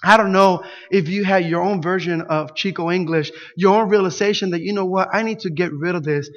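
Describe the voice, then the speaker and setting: Pastor, male, Spanish speaker, high voice, animated storyteller, lo-fi recording. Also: brisk. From Puerto Rico. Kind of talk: sermon with a personal story. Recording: dull lo-fi sound.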